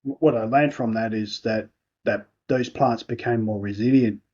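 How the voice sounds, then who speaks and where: A softly spoken man with an Australian accent, a guest on a podcast, talking hesitantly with many pauses and restarts. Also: fairly low pitch, steady tone, breathy edge, lo-fi sound. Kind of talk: casual interview chat.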